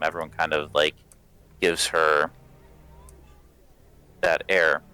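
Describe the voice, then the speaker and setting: A man's voice: deep voice, bright, forceful tone, clear, resonant tone. A man narrating as game master of a tabletop game, in a casual, rambling way with many fillers.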